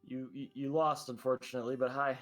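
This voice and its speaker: A man's voice: mid-range voice, flat delivery, faint music behind, lightly acted. A man playing a flustered, awkward teen hero. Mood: earnest. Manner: halting, full of "like" and restarts.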